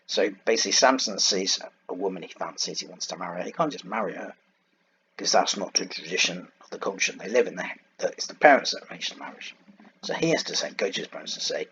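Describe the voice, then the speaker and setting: A deep-voiced man teaching a Bible lesson in a loose, informal way, walking through his slides. He drifts into side points and stops to search aloud for the right word. The sound is a little dull and muffled, with a faint hiss underneath. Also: animated, quick pace, pushed and bright. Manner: digressive, thinks aloud and searches for words. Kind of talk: informal lecture over slides.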